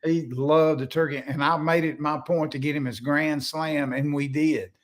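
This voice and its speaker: A man's voice: fairly high pitch, fairly even intonation, normal speed. An older man, a podcast guest telling folksy, rambling stories with many restarts. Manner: folksy, rambling, self-interrupting. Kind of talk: casual storytelling.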